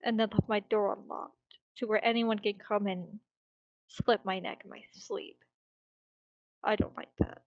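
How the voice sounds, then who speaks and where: A woman voicing a stern, guarded male adventurer who speaks in a measured, firm and quiet way, recorded on a dull, dry home mic. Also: medium pitch, level tone, no room sound, close to an everyday voice.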